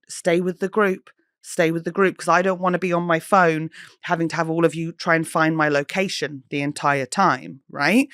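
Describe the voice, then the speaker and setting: An English woman in her thirties hosting a solo podcast, telling stories in an animated, chatty way, swearing freely and mimicking people. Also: sits low, dry recording, clean studio sound. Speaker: podcast host.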